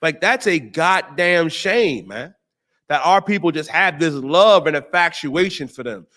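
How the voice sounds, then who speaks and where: A man hosting a talk show, preaching on scripture in slangy, emphatic speech and drawing out the verses slowly. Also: a little high, expressive, pushed and bright. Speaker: host and teacher.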